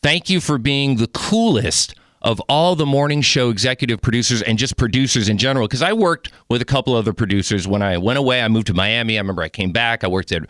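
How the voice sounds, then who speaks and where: A man's voice: mid-range voice, fast talker, few pauses, a bit bright, dry recording, studio quality. A man in his forties hosting a podcast, talking candidly and earnestly, swearing casually. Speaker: podcast host. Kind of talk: casual interview chat.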